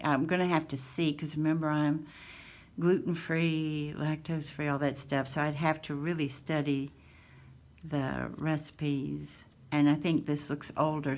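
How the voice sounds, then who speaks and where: An older woman hosting a craft channel, showing her finds in a gushing, sweet way with little laughs. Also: deep voice. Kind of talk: casual show-and-tell chat.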